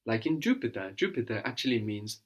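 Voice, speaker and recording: A man's voice: medium pitch, sing-song, brisk. A man teaching a language lesson, patiently explaining words and prompting his student to translate.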